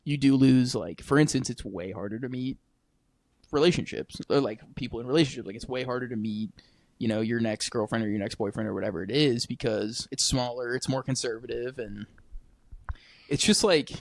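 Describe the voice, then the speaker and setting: A man's voice: medium pitch, fairly quick, no room sound. A man, chatting casually and swearing as he tells stories. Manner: loose, swearing, slangy storyteller. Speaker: podcast host. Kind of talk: casual chat.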